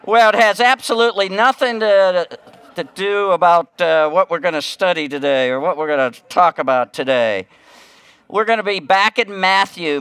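Casting a middle-aged man as a guest preacher: a little high-voiced, folksy and chatty, recorded dry and close. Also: fairly bright tone, clear, resonant tone, no room sound. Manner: folksy, chatty, with restarts and asides. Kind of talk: conversational sermon with humor.

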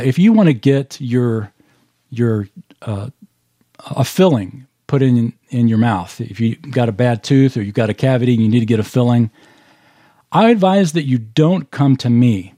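A pastor gives a sermon in a warm, mellow man's voice at an ordinary pitch. He talks in a folksy, conversational way, explaining patiently with homely examples. The sound is close and dry, with no room around it. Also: no echo. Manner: explains patiently with restarts and emphasis.

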